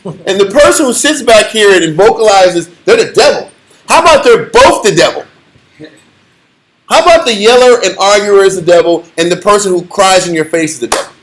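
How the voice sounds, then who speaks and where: A man with a notably high-pitched voice leads a lively scripture class. He preaches in an emphatic, challenging way, throwing rhetorical questions at the room. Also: fairly quick, rough recording. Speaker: Bible teacher.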